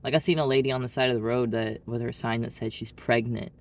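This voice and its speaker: Speaking fast at a medium pitch and in a level tone, this Arkansas man has a Southern Arkansas accent. As a vlogger he rambles bluntly and casually through a story, saying "like" constantly.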